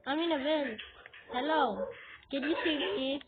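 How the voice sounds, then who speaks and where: A woman giving excitable gaming commentary while she plays, shrieking when scared and giggling. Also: high-pitched, measured pace, long pauses, a crowd in the background. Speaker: Roblox player. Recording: tinny lo-fi capture with noise.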